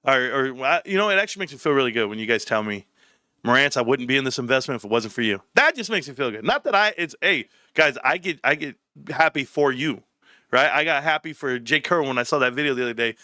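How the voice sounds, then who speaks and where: Brief: middle-aged male streamer, animated storyteller who acts out voices, bright tone, dry sound. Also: quick pace, dry recording. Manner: animated storyteller, acts out quotes with big pitch jumps; laughs often, says bro a lot. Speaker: livestream host. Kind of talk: casual livestream chat.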